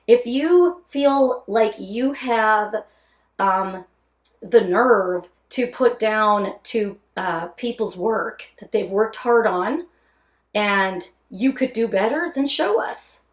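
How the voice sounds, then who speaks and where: A woman's voice: mid-range voice, animated, slow pace. A woman hosting a reaction video, talking casually in a chatty way with lots of fillers and restarts. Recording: echoey room.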